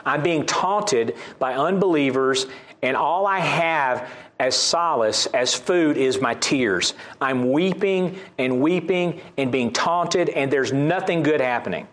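Southern man preaching, slightly high voice. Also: slow, a bit bright. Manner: reads scripture aloud, repeats key phrases for emphasis. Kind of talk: sermon.

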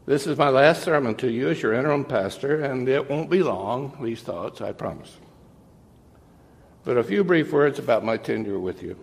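Gravelly-voiced interim pastor, mid pitch, earnest and measured sermon, long church reverb. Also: male voice, expressive. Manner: earnest, measured preaching with pauses. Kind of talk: farewell sermon. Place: church sanctuary.

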